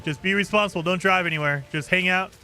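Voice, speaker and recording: A man's voice: high voice, fast, pushed and bright, slight background noise. A man streaming a game, chatting casually with viewers in a joking, teasing way and laughing often. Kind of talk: casual live commentary while playing.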